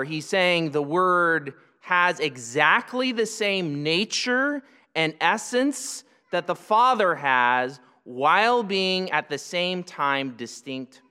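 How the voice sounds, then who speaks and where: Bright-voiced man preaching a sermon. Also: sits high, animated, smooth, big-room sound. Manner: teaching, explanatory, with many restarts and slow emphatic phrases. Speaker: pastor.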